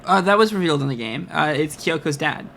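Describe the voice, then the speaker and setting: A man's voice: a little high, animated, fast, vocal fry, a bit bright. A man co-hosting a let's play, chatting casually, agreeing readily, laughing easily and filling in facts. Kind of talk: casual gaming commentary.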